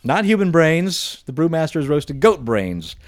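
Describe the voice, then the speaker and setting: Guy reading a quirky news story on a podcast, lively delivery, dry sound. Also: on the high side, moderate pace, no room sound. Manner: reads stories aloud with asides. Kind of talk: casual chat and news reading.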